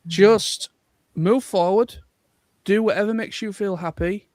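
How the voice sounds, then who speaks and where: A man's voice: sits high, measured pace, darkish tone, a little hiss or hum. An English man co-hosting a casual livestream chat, talking earnestly and rambling with plenty of fillers. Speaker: livestream co-host.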